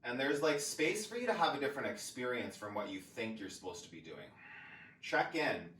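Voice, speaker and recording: A man leading a guided yoga class, giving calm, encouraging cues and counting breaths. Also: mid-range voice, brisk. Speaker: yoga teacher. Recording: roomy, distant, faint background hiss.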